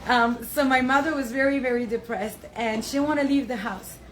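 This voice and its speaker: A young woman from the south of France teaches Torah to a small audience, telling animated stories, laughing often, and mixing in Hebrew and Yiddish terms. Her voice is high-pitched and fairly quick, and the roomy echo carries a faint hum of ambience.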